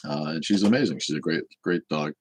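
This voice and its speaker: A man's voice: rumbling low, fairly quick, breathy edge. A man in his fifties hosting a live question-and-answer stream, talking bluntly and with profanity about his views. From United States. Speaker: show host.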